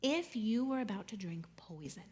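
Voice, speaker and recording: Animated, jokey woman giving a talk. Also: mid-range voice, normal speed. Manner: animated, jokey, swings between loud and soft. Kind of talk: conversational talk to an audience.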